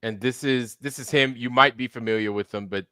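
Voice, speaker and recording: A man hosting a livestream, talking in a relaxed, chatty, slangy way. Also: medium pitch, brisk, clear, resonant tone, dry recording, clean studio sound. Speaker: livestream host. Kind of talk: casual show talk.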